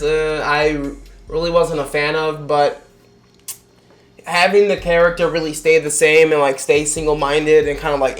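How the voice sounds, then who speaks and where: Young man, casual rambling reviewer, profane, a touch high-pitched. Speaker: movie reviewer.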